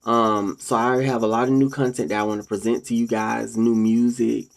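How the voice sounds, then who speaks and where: Preachy vlogger lecturing ladies and gentlemen. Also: mid-range voice, flat delivery, normal speed, vocal fry. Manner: acts out quoted people in a raised voice. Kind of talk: casual spoken monologue to viewers.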